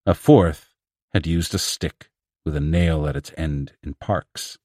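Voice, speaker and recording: A man reading a science fiction story aloud in a measured, steady narration. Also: a bass voice, no echo, studio quality. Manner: steady, measured reading with raised voices for quoted characters. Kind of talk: scripted audiobook narration.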